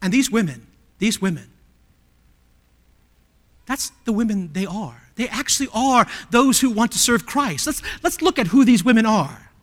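A male pastor preaching a sermon emphatically, with many rhetorical questions, swinging from loud appeals to hushed tones. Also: sits high, lively intonation, moderate pace, big-room sound.

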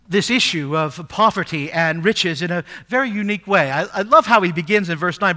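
Male preacher, high bright voice; reads scripture, asks questions, builds to emphatic peaks. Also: fairly quick, few pauses. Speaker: pastor. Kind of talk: sermon.

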